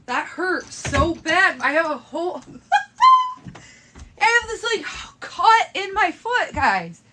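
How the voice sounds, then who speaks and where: A woman's voice: very high-pitched, big pitch swings, takes it slowly, sharp tone, a little hiss or hum. A young woman livestreaming casually to her viewers, shaky and in pain, laughing nervously and swearing through it. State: trembling, in pain.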